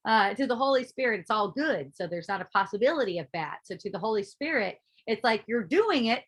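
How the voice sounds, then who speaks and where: A woman giving a casual spiritual talk, animated and laughing often, acting out her own inner voices and swearing freely. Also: mid-range voice, a little fast, husky. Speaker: spiritual teacher.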